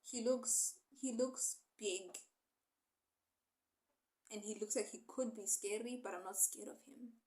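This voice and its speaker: A woman voicing an innocent, wide-eyed young woman as she retells a story, speaking slowly and musingly. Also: mid-range voice, warm tone, close to an everyday voice. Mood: awed.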